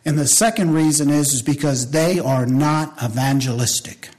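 A man preaching a sermon to his church, impassioned, rising to loud appeals and dropping to hushed storytelling, with folksy asides to the congregation. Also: a little high, moderate pace.

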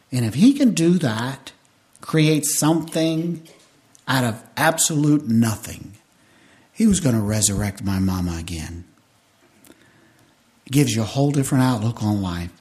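A pastor in his fifties delivers a sermon in an animated mid-range voice, keeping a measured pace and pausing often. He shares a personal story with strong feeling, alternating loud bursts with hushed, intimate moments.

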